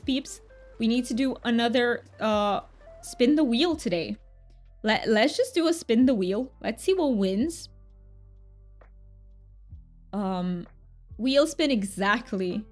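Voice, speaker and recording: A woman from Romania, streaming a game and chatting with her viewers in a bubbly, giggly way. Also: fairly high pitch. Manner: bubbly and giggly, with frequent laughs and restarts. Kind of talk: casual live-stream chat, reading chat aloud.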